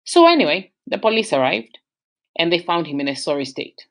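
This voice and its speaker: An Australian woman telling a relationship story in a casual, conversational way. She keeps it animated, pushing her pitch up sharply for emphasis. Her natural voice sits a little low. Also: brisk.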